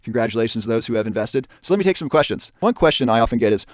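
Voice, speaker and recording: A man presenting a webinar, pitching a parenting program and repeating the offer and the spots left. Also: animated, rapid-fire, hardly any pauses, no room sound, clean studio sound. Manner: pushy salesman tone, repeats offers and counts down spots.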